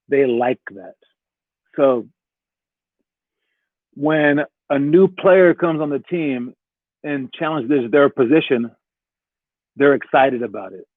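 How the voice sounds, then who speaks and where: A man's voice: mid-range voice, dry recording. Man coaching basketball over a tinny line. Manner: conversational, acts out quick quoted exchanges. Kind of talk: casual talking-head advice video. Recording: tinny phone-like dry sound.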